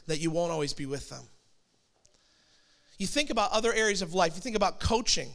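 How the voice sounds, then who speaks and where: A man's voice: high-pitched, fairly bright tone. A man in his forties preaching a sermon as a pastor, telling stories in a conversational way with asides. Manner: storytelling, conversational with acted quotes and asides.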